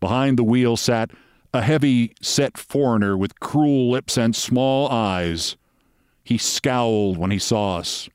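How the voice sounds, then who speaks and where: A man reading a short story aloud as host, with measured, wry storytelling. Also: medium pitch, a little mellow, smooth, no room sound, clean studio sound.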